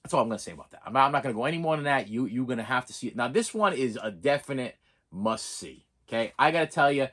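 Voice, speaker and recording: A man's voice: medium pitch, lively intonation, fast talker, fairly bright tone. A man casually reviewing horror movies on a vlog, rambling with many restarts and repeats, laughing often and checking in with "okay?".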